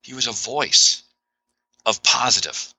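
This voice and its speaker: Energetic, emphatic man with a lively voice. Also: medium pitch, takes it slowly, husky, rough recording. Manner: animated, emphatic, exclamatory. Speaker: guest author. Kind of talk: podcast interview.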